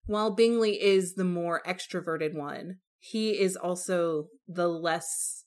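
A woman co-hosting a casual book discussion podcast, animated and acting out characters' lines. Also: fairly low pitch, takes it slowly. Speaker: podcast co-host.

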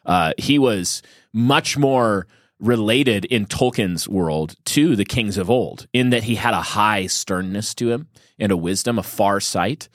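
A man's voice: lowish voice, measured pace, no echo, studio quality. A man co-hosting a podcast, talking with enthusiasm and musing aloud, often restarting his sentences. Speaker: podcast co-host. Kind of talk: casual discussion.

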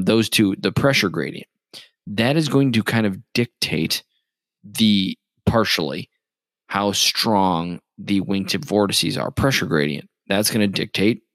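Low-voiced man explaining aviation. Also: fairly bright tone, dry recording. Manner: rambling, explanatory, many fillers and restarts. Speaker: flight instructor. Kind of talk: casual aviation chat.

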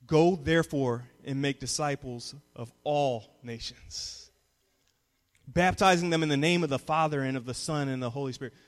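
A young man preaching a sermon as a youth pastor, moving from calm teaching to loud call-and-response. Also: mid-range voice, normal speed. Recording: long reverb of a hall.

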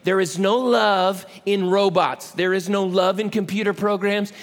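A man's voice: high-pitched, steady tone, unhurried. A man voicing God as an earnest, loving lawgiver who speaks emphatically and repeats key words. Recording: echoey hall.

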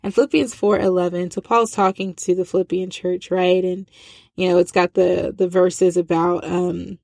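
A woman's voice: on the low side, flat delivery, moderate pace, vocal fry, a little mellow, dry recording, clean studio sound. A woman giving an earnest, conversational devotional talk, with frequent fillers and restarts. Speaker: christian speaker.

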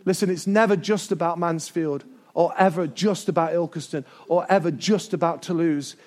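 A man preaching a sermon to his church, energetic and building to shouts, with joking asides. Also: a little high, moderate pace. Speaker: pastor. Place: church service before a congregation.

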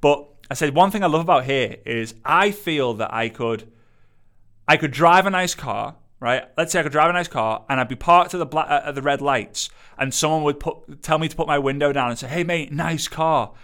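Man, business coach, motivational teaching, emphatic, fairly high-pitched. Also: brisk. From Liverpool, England. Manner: energetic, emphatic, repeats phrases for effect.

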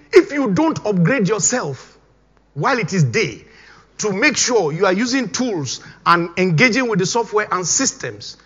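A man's voice: sits high, bright, forceful tone. A middle-aged man from Nigeria, preaching a sermon as pastor, emphatic and repeating his exhortations. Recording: dull recording with long hall reverb.

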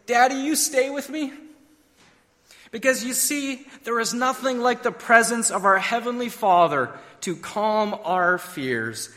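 A man's voice: high-pitched, pushed and bright, in a large hall. A man preaching a sermon, emphatic and full of rhetorical questions. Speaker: pastor.

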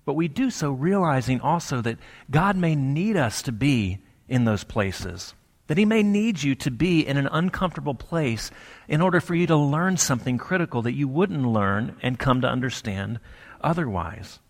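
A man giving a sermon in a conversational, storytelling way, with pauses for effect. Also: mid-range voice, expressive. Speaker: pastor. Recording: long hall reverb.

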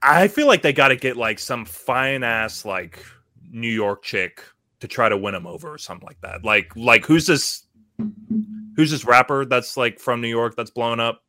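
Laid-back man, bright voice. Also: medium pitch, normal speed, no room sound, clean studio sound. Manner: laid-back, hedging with "you know, like". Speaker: podcast co-host. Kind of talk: casual chat.

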